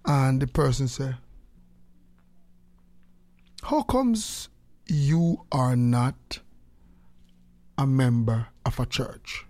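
A man's voice: mid-range voice, dry recording. A man with a Jamaican accent giving emphatic commentary in patois, repeating his points for effect.

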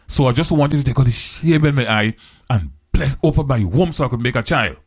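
A man preaching a storytelling sermon in plain, creole-flavored English. His voice sits at an ordinary middle pitch. He circles back on phrases and stretches out the scripture lines slowly. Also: lively intonation, husky. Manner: drops to slow, drawn-out words for scripture quotes.

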